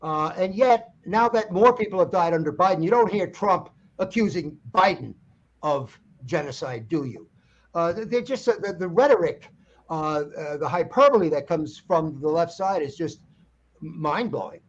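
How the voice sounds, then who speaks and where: A male guest on a political talk show, stating views emphatically between halting "uh"s. His voice sits a little high. The sound is dull and lo-fi, as over a remote call. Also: lively intonation. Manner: emphatic, opinionated, halting fillers. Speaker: guest songwriter. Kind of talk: casual political chat. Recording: dull lo-fi line.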